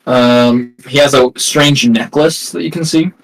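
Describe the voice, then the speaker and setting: A man running a tabletop game, talking through a character's look in loose, halting bits with plenty of fillers. His voice sits at a middling pitch for a man, neither high nor low. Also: rough recording. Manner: rambling, filler-heavy description. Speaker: game master.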